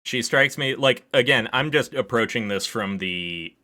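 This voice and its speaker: A man streams a visual novel, rambling casually and reading the game's text aloud as he plays. His voice is medium-pitched, animated, pushed and bright, and he talks a little slowly.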